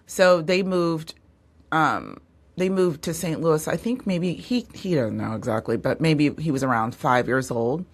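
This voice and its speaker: A woman's voice: deep voice, animated, measured pace. A woman hosting a podcast interview, listening attentively with frequent short affirmations and sharing her own family stories. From family from Mississippi. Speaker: podcast host. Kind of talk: casual interview chat.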